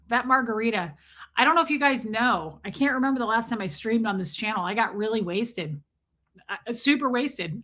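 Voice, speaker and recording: Casual woman stream host: bright, slightly high voice, loose and profane, greets chat by name. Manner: chatty, swears freely, greets viewers by name.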